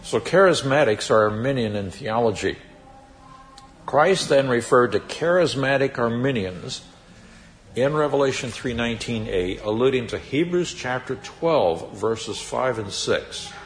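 A man giving a Bible teaching sermon, reading scripture emphatically and explaining it deliberately with occasional fillers. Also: mid-range voice, expressive, slight background noise.

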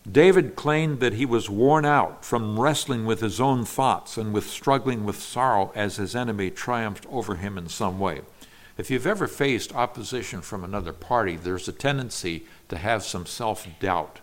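A man's voice: lowish voice, normal speed. A man giving an earnest expository Bible lesson, explaining verses patiently with small restarts. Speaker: Bible teacher.

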